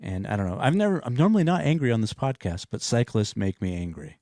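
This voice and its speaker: Laid back podcast guy, lowish voice, mostly short mm-hmms and yeahs, dry sound. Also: fast, no room sound. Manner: calm, brief agreeing replies. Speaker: podcast co-host. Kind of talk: casual podcast chat.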